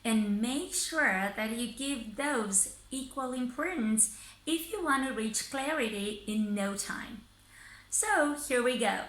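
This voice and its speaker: A woman teaching English in a scripted lesson, speaking slowly and deliberately and pausing between phrases. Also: on the high side, expressive, a bit bright, echoey room, poor audio. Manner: slow, deliberate, pausing by thought groups.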